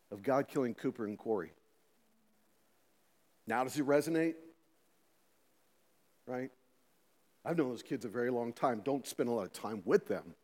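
A middle-aged man preaching a sermon as pastor, animated, swinging between loud emphasis and quiet asides, with many rhetorical questions. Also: mid-range voice. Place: church sanctuary. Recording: long reverb of a church hall.

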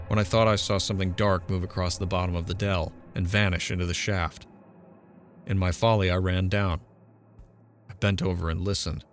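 A haunted, defiant young man tells his story with intense urgency, as a male reader gives him voice. His voice is low, set over faint background music in an audiobook.

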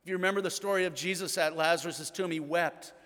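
A middle-aged man preaching a sermon as pastor, telling the story earnestly and often dropping to a hushed tone. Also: fairly high pitch, fairly even intonation, fast talker, in a large hall.

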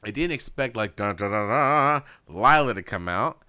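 A man's voice: on the low side, animated, moderate pace, pushed and bright, clean tone. A man co-hosting a podcast, chatting casually and swearing a lot, acting out quotes as he goes. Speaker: podcast co-host. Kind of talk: casual chat recapping a show.

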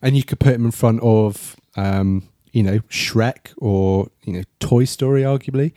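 A man's voice: mid-range voice, unhurried, mellow, dry recording, clean studio sound. A man chatting casually as a podcast co-host reviewing a film, rambling and restarting his sentences.

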